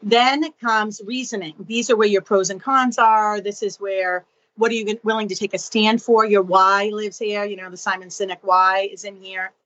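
A woman's voice: mid-range voice, normal speed, dull audio. A woman from the area, a podcast guest explaining ideas and acting out little scenes in voices. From Boston area. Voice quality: expressive, acts out dialogue in voices. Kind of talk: animated podcast explanation with acted-out anecdotes.

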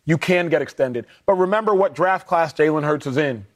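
A man's voice: fairly high pitch, a little fast. A man hosting a casual sports debate, emphatic and playful as he argues his points. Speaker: sports talk host.

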